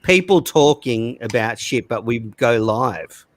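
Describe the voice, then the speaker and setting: A man's voice: mid-range voice, animated, slow pace. An Australian man chatting casually as a guest on a live stream, telling stories and laughing as he talks. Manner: chatty, storytelling, laughs while talking. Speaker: podcast guest.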